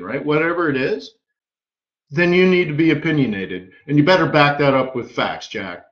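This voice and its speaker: A man's voice: fairly high pitch, moderate pace. Punchy, emphatic man hosting a trading webinar. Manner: energetic, emphatic storyteller, punchy repeated phrases. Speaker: forex market strategist hosting a live webinar. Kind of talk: live trading webinar talk with anecdotes. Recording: roomy, slightly dull webinar audio.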